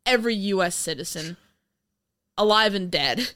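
A woman from the United States co-hosting a casual movie commentary podcast, sarcastic and animated, laughing often. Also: lowish voice, unhurried, long pauses, clean tone, dry recording, clean studio sound. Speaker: podcast co-host.

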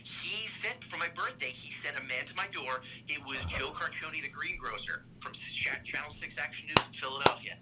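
A man's voice: a little high, expressive, moderate pace, hardly any pauses, heavy background noise. A man riffing in a comedy chat, telling absurd stories with over-sincere, mock-earnest conviction. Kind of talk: comedic improv banter.

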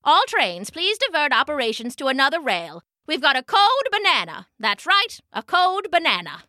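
A woman's voice: sits high, sing-song, normal speed, sharp tone, no room sound, studio quality, heavily acted. A woman voicing a polite, formal male train dispatcher speaking matter-of-factly on the phone.

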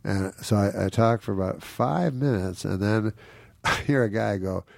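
A man's voice: on the low side, measured pace, vocal fry, darkish tone, dry recording, clean studio sound. A man, a comedian, telling rambling anecdotes, chuckling often and acting out the people he quotes. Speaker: comedian guest. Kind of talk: anecdotal storytelling.

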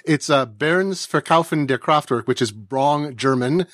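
A man's voice: fairly high pitch, measured pace, a bit bright, dry recording, clean studio sound. A man in his forties, a podcast panelist, telling a story in a wry, rambling way with bursts of laughter. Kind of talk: casual podcast chat.

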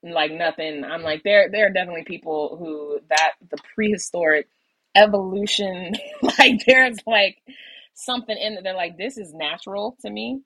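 A woman's voice: fairly low pitch, normal speed, a bit bright, no room sound, rough recording. A woman in a casual podcast chat, talking in rambling asides and laughing often.

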